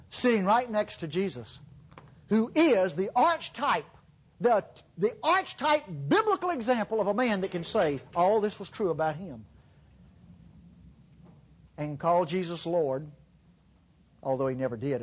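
A man's voice: sits high, husky. A middle-aged man preaching a sermon in a church, emphatic and repetitive, with sarcastic asides.

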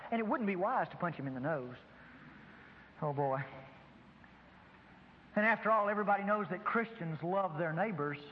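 A man's voice: high-pitched, long reverb tail, muffled recording. A man preaching a sermon to a congregation, emphatic and dramatic, acting out dialogues. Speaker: pastor. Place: large room before a congregation.

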